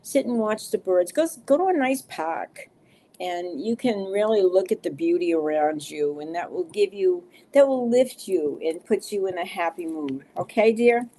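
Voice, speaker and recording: A woman's voice: fairly low pitch, moderate pace, dark tone. A middle-aged woman giving live card readings to viewers, soothing and reassuring, with many fillers. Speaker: card reader.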